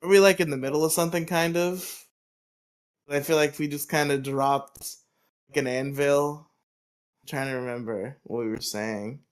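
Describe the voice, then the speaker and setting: A man co-hosting a podcast in casual chat, riffing in a rambling, profane, animated way. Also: a little high, normal speed, clear, resonant tone. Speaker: podcast co-host.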